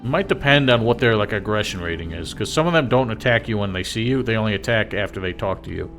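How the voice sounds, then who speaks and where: A man streams a game live and thinks out loud in a relaxed, chatty way, peppering his talk with "like". His voice sits on the lower side. Game music hums faintly underneath. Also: fast. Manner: musing aloud, chatty, lots of "like". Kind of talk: casual live-stream commentary.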